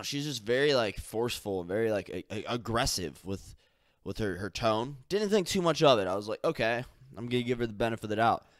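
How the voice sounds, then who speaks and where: A man's voice: lowish voice, no room sound, studio quality. A young man hosting a solo podcast, rambling casually with lots of fillers and the odd curse. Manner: casual, filler-heavy, swearing, mimics others. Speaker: podcast host.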